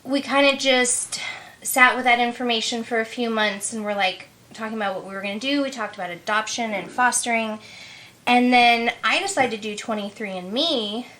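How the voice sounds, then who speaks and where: A woman in her thirties, a podcast guest, telling a personal story in a frank, expressive way and laughing often. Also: a little high, normal speed. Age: 30s.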